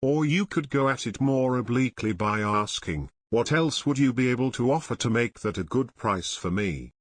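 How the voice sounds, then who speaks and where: A man narrating an audiobook summary in a measured, even reading style. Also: medium pitch, no room sound. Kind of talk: scripted narration.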